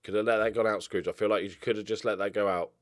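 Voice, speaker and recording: A young man giving casual gameplay commentary, excitable, swinging from mumbled asides to loud outbursts. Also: fairly low pitch, quick pace, dry recording, studio quality. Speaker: gaming YouTuber.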